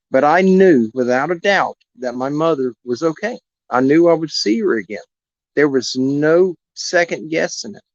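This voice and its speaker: An animal rescue host on a live stream, his voice on the high side with no echo, earnestly rambles through a personal story that's clearly heartfelt. The audio has a dull, lo-fi streaming quality.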